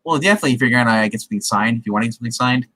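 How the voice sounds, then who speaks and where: A man's voice: medium pitch, very fast, bright, forceful tone, no room sound, low-quality recording. A man chatting casually with friends on a stream, wry and sarcastic at times. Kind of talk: casual chat.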